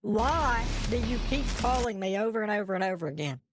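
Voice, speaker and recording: A man's voice: sits high, animated, a little fast, over music, pitched above the performer's own voice. A man voicing a flustered woman who stammers and dodges on a phone call with scammers. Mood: bickering. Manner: stammering, evasive. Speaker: scam baiter.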